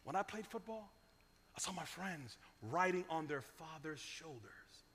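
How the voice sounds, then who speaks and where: A man from Cleveland preaching a storytelling sermon, with humor and dramatic swings from loud to hushed. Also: fairly high pitch, lively intonation, unhurried. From Cleveland, USA. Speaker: guest preacher. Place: church sanctuary. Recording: long reverb of a church sanctuary.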